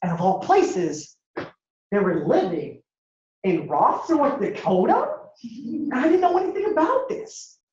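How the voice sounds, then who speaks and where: A man giving a lively storytelling talk as a guest speaker at a university, acting out dialogue in a casual way. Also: very high voice, takes it slowly. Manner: animated, acts out dialogue, casual. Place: university lecture hall. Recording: echoey hall, dull lo-fi sound.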